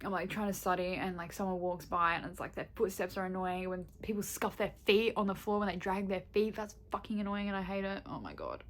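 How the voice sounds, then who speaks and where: A woman's voice: mid-range voice, animated, fairly quick, hardly any pauses. A young woman vlogging in casual chat, candid and rambling, swearing freely and laughing often.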